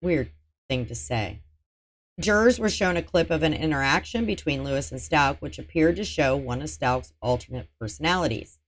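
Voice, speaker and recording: Low-voiced woman recapping a trial. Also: animated, moderate pace. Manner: dry, sarcastic asides between read-out testimony. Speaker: true-crime channel host.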